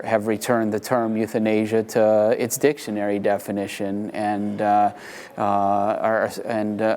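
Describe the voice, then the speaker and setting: A man speaks earnestly in an interview and keeps his pitch low and level, with little rise and fall. He stops and restarts often and fills the gaps with "uh" and "you know". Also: darkish tone, a little hiss or hum. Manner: earnest, many fillers and restarts. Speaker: animal shelter reform advocate, interviewee. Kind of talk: interview answers.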